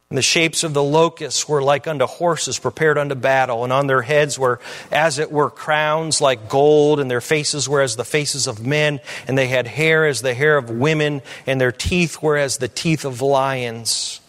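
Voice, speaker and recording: A man preaching a sermon as pastor, reading scripture aloud and commenting with frequent fillers, swinging from low asides to loud declarations. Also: steady tone, normal speed.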